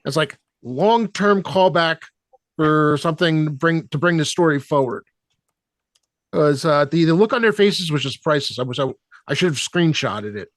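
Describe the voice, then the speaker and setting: A man in a casual chat giving game master tips and stories, halting with many ums and you-knows. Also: fairly high pitch, dry recording. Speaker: dungeon master.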